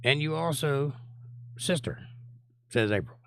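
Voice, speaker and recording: A man's voice: mid-range voice, expressive, unhurried, gravelly, fairly bright tone, no room sound, clean studio sound. A man hosting a live online Bible study, casually reading viewer comments aloud, greeting people by name and answering them. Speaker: Bible study teacher and livestream host.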